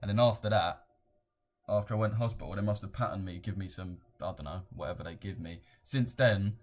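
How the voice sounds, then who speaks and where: A young man with a London accent talks on a live trading stream in a loose, slang-heavy ramble. His voice sits fairly low, and he drifts between chart talk and chatter with his viewers. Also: a little fast. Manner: slangy, rambling, reads chat aloud. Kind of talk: casual live-stream chat.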